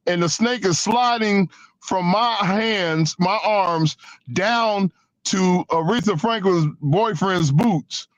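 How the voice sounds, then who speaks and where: A man in his sixties whose speaking voice sits high for a man, telling a story on a sports radio show. He talks in an animated way, stumbles and repeats himself as he goes. The studio sound is close and dry. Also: slow pace, dry recording, dull audio. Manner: animated storyteller who stammers and repeats words. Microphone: studio microphone.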